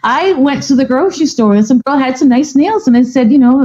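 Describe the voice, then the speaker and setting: Blunt, lively woman from Florida. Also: high voice, brisk, dull audio. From Florida, USA. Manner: lively, blunt, swears freely. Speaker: guest. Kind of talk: casual conversation.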